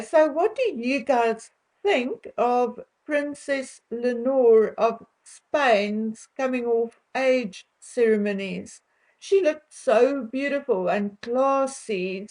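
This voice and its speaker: Slow-talking South African woman vlogger. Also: a little high, a little mellow, poor audio. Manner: opinionated, chatty, laughs between remarks. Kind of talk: casual chat to viewers.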